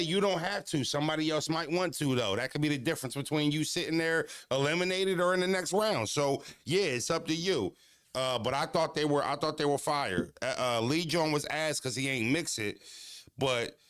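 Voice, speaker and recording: A man casually telling stories in an animated, profane, slangy way. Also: medium pitch, no echo, clean studio sound. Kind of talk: casual storytelling. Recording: music playing clearly behind.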